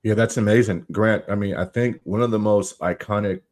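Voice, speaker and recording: A man's voice: fairly low pitch, steady tone, fairly quick, darkish tone. A man hosting a casual interview, asking questions and giving short encouraging replies. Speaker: interview host.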